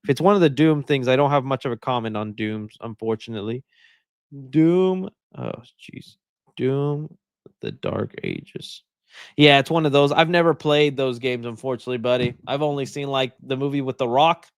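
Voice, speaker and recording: A man hosting a live stream, reading out viewer comments and answering them in an animated, chatty way, thinking out loud. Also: medium pitch, fast talker, few pauses, clean tone, no room sound, clean studio sound. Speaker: host.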